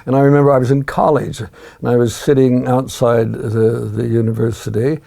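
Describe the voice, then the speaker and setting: Gravelly older man reminiscing. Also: mid-range voice, level tone, moderate pace, dark tone. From United States. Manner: reflective, musing, with frequent restarts. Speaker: guest. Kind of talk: reminiscing interview talk.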